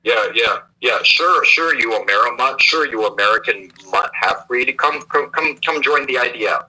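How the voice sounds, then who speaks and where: A man's voice: medium pitch, lively intonation, moderate pace, pushed and bright, husky, rough recording. A man co-hosting a livestream, rambling in crude casual banter with frequent restarts and repeated words. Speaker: livestream co-host.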